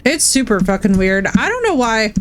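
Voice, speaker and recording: A woman's voice: fairly high pitch, sing-song, normal speed, faint music behind. A woman streamer chatting casually with her viewers while she plays, candid and swearing freely, calling people bro and dude. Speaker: Twitch streamer. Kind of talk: casual live-stream chat while gaming.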